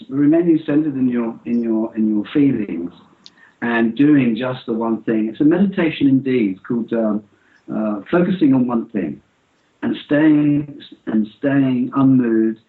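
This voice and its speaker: A middle-aged man talking about meditation in an interview, halting with many fillers and restarts. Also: medium pitch. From England. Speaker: interview guest. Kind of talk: spiritual interview talk. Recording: roomy, muffled lo-fi audio.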